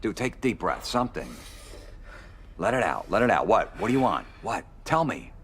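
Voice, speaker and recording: An actor playing a loud, crude male road comic who talks in a pushy, needling way. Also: lowish voice, sing-song, moderate pace, slight background noise.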